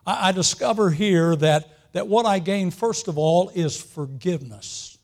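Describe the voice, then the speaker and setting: A man with a high voice preaches a sermon in an unhurried, folksy storytelling manner. He lingers on words with long pauses and often clears his throat. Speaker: pastor.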